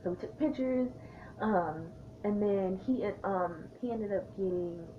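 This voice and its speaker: A young woman vlogger casually telling a storytime tale in a chatty, animated way, acting out the quotes. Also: medium pitch, measured pace, over music. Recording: tinny lo-fi sound.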